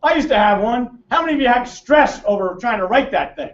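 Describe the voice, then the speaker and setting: An American man with a very high, expressive voice gives a fairly quick seminar to a live audience, brash and joking as he quizzes and teases people in the room. The room mic sounds roomy, distant and dull.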